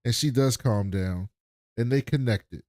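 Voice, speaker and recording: An American man co-hosting a podcast animatedly retells an episode in casual chat, acting out the quotes as he goes. His voice is mid-range and darkish at normal speed, captured in a dry, clean studio recording.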